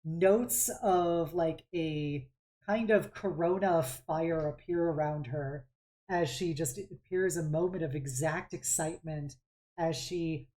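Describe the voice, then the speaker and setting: A woman's voice: deep voice, slow pace, warm tone. A woman narrating as game master of a tabletop game, describing scenes in a rambling way with many fillers.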